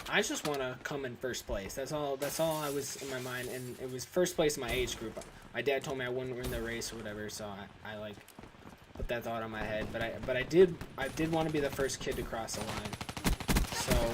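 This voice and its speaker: A man's voice: mid-range voice, noisy background. Rambling young man telling a story. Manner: rambling, filler-heavy, restarts often. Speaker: vlogger. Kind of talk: casual storytelling to camera.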